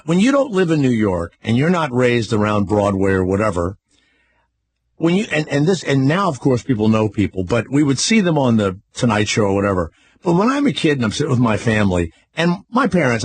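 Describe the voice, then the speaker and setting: A man's voice: medium pitch, brisk, slightly rough. A man hosting a radio talk show, telling stories in casual banter and mimicking people as he goes. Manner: animated storytelling, mimics people.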